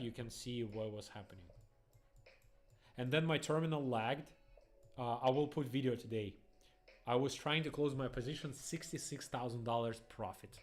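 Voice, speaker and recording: A young man, rambling excitedly through live trading stream commentary in phrasing. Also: mid-range voice. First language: Russian. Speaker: day trader streamer.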